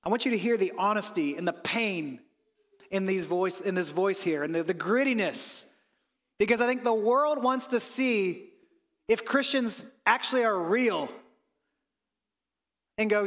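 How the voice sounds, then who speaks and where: A man with a notably high voice delivers an earnest sermon. He sinks to a soft hush on reflective lines and rises when he voices pleading prayers. The sound trails off in a long reverberant tail, as in a church sanctuary. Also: lively intonation, measured pace, long pauses. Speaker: pastor.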